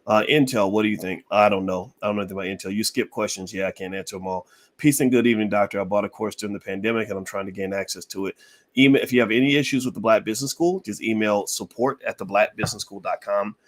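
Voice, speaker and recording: In a casual live Q&A, a podcast host with a lowish voice reads viewer questions aloud and answers them fast. His manner is relaxed and conversational, with lots of fillers.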